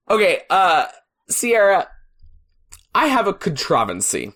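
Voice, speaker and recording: A podcast co-host chatting casually, with animated, joking and incredulous storytelling. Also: mid-range voice, moderate pace. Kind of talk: casual chat.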